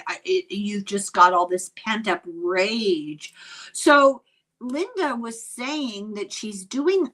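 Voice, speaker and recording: Lively older Irish woman chatting. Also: medium pitch. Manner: animated, sympathetic, trails off while searching her knitting. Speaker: co-host. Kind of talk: casual chat.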